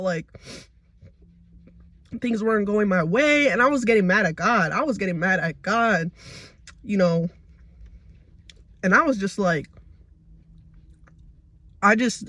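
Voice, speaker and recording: A man's voice: sits high, animated, slow, long pauses, bright, forceful tone, no echo. A young man around twenty giving a casual, heartfelt personal faith testimony in a confessional way. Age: young adult. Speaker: vlogger.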